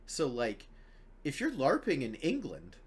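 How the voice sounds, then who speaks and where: A man hosting a casual podcast chat, chatty and laughing often, sometimes dropping to a low murmur. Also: huge pitch swings, a little slow, breathy edge. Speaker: podcast host.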